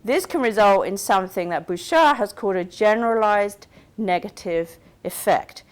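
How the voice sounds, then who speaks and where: A woman's voice: mid-range voice, lively intonation, normal speed, smooth. A woman giving a recorded university lecture, explaining step by step and checking in with her listeners. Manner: explains carefully, checks in with "okay?" and "right?".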